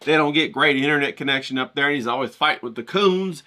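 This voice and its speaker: A man's voice: on the high side, fast talker, pushed and bright. A man vlogging to camera, joking and rambling, talking straight to his viewers and swearing freely. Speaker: painter and vlogger. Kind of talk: casual talk to camera.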